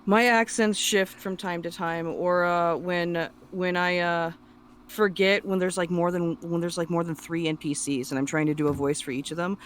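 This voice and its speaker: A man chatting casually on a live stream, rambling with lots of fillers, his throat sore and a little hoarse. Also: high-pitched, fairly even intonation, normal speed, a bit bright, a little hiss or hum.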